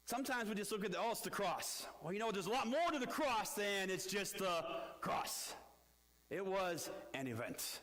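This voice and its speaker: A middle-aged man preaching as pastor, telling a story with sudden loud outbursts and quiet low asides. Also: lively intonation, moderate pace. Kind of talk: storytelling sermon. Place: church. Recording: echoey church hall.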